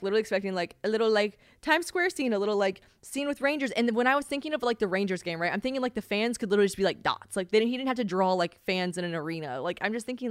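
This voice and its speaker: A woman's voice: mid-range voice, clear, resonant tone, no echo. Chatty young woman, dry close sound. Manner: chatty, exasperated, swears freely, heavy use of "like". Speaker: podcast host. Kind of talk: casual solo chat.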